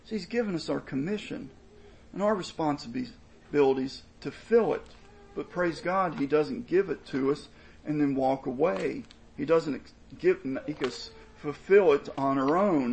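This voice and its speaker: A man with a slightly raised, gravelly voice delivers a sermon from the pulpit. He explains scripture earnestly and drives his points home by repeating them with emphasis. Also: on the high side, a little mellow, poor audio. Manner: earnest expository preaching, emphatic and repetitive. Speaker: pastor.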